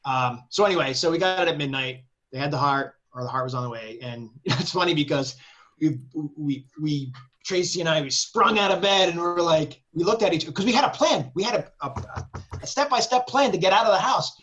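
Man guest, casual storyteller, a touch high-pitched, animated with laughs and curses. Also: fairly quick. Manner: animated, swearing freely, laughing between phrases. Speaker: guest composer.

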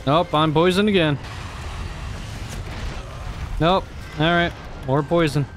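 A man's voice: a little high, slow, a little hiss or hum. A young man commenting on his own gameplay, exasperated and cursing often as he talks to himself. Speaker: gamer.

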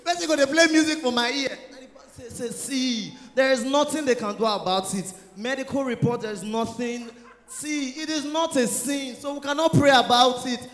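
High-voiced Nigerian comedian in an echoey hall. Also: male voice, normal speed. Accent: Nigerian Pidgin. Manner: loud, animated, mixing Pidgin and English. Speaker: stand-up comedian. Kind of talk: stand-up comedy set. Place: church hall stage. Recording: echoey hall with long reverb.

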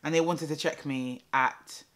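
A young woman telling a story casually to camera, chatty and animated with lots of fillers and repeats. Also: low voice, measured pace. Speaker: vlogger.

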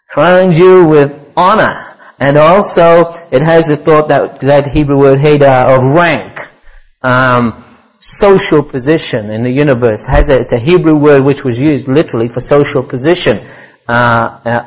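A man's voice: medium pitch, poor audio. A man preaching a sermon, explaining Hebrew words and quoting scripture, repeating key phrases for emphasis. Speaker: pastor.

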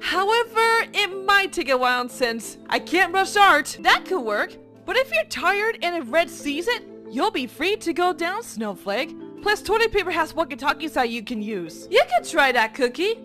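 A woman's voice: extremely high pitch, very animated, moderate pace, pushed and bright, soft background music, full character voice. A woman in her twenties playing an upbeat, bossy young team leader on a cartoon survival show, peppy and commanding as she rallies her team. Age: 20s. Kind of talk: cartoon dub acting.

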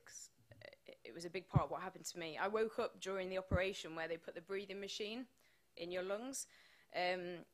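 A woman's voice: mid-range voice, fairly bright tone. A British woman with a British accent giving a candid personal testimony at a summit, wry and laughing between grim details. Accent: British English. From Britain. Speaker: speaker at a summit.

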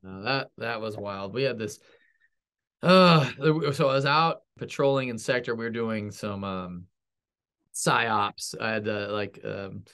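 A man's voice: lowish voice, unhurried, fairly bright tone, clear, resonant tone. A man, a pastor and military veteran, telling stories in a rambling, self-deprecating way as an interview guest. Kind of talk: casual storytelling interview.

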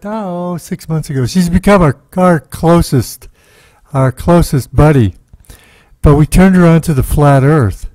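A man's voice: on the high side, mellow, no echo. Host man, dry close sound. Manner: brief affirming interjections. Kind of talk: casual conversation.

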